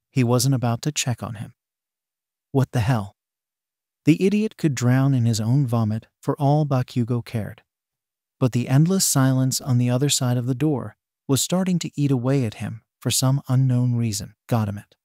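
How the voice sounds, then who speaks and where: A man reading fan fiction aloud as narrator, with steady storytelling. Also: mid-range voice, no room sound, studio quality.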